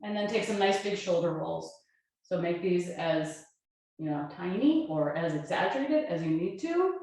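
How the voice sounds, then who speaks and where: Calm woman guiding yoga in echo. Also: fairly low pitch, moderate pace. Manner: calm, gentle cueing of breath and poses. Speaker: yoga teacher. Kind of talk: guided yoga class. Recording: very echoey room.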